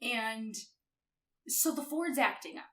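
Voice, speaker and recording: A woman recaps a novel on a casual podcast, telling it in an animated way with frequent laughter. Her voice is bright and sits a little high. The room around her is noticeably echoey. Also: slow pace. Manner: animated storyteller, laughs often. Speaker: guest author.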